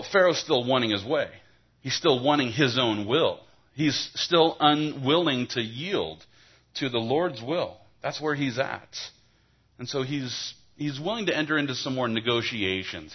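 A man's voice: mid-range voice, dull audio. Man preaching conversationally. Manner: conversational preaching with frequent restarts. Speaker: pastor. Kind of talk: expository sermon.

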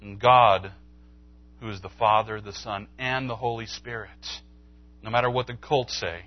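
Animated pastor preaching a sermon. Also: male voice, moderate pace, dry recording, lo-fi sound. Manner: animated storytelling, acts out dialogue with pitch jumps. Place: church sanctuary.

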